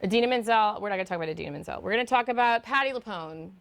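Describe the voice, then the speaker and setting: Animated woman voice teacher. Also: mid-range voice, rapid-fire. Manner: animated, demonstrates sung notes. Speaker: guest voice teacher. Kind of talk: lecture to a choir.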